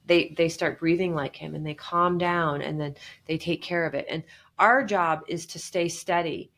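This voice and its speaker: A woman speaking as a guest on a podcast, talking earnestly and warmly in a casual way, often acting out what people say. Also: deep voice, steady tone, moderate pace. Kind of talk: casual conversational interview.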